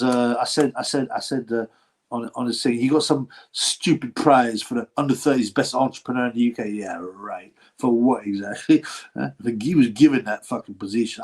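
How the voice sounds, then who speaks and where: A man's voice: medium pitch, a little mellow, slightly rough. Rambling man on livestream. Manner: rambling, slangy, mocking, laughs often. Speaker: boxing channel host. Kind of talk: casual livestream chat.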